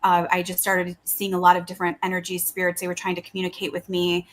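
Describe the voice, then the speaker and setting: A woman's voice: on the low side, monotone, fast. A middle-aged woman, a psychic medium guest, chatting in a friendly, earnest way. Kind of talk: casual interview chat.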